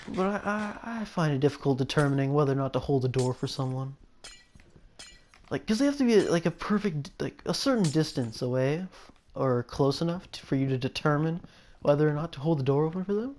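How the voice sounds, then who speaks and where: A man's voice: fairly high pitch, darkish tone. A young man giving casual gameplay commentary, rambling and musing aloud, often stopping and restarting his sentences. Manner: rambling, musing, self-interrupting. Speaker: gameplay video host.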